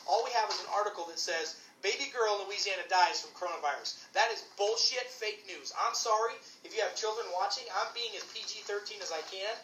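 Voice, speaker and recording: Woman, physician, heated ranting commentary, bright edgy voice, roomy echo. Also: mid-range voice, a little fast, hardly any pauses, a little hiss or hum. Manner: fired-up, ranting, emphatic repetition. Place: St. Louis area.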